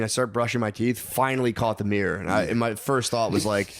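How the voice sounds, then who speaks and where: A man, a podcast co-host telling a long rambling story with laughs, acting out his own thoughts in quick asides. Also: medium pitch, no room sound. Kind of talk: casual storytelling chat.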